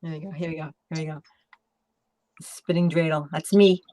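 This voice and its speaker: Woman, Long Island New York accent, rambling live-chat host, mid pitch, dry close sound. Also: steady tone, moderate pace, warm tone, no echo. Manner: chatty, laughs often, rambling. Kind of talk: casual late-night chat.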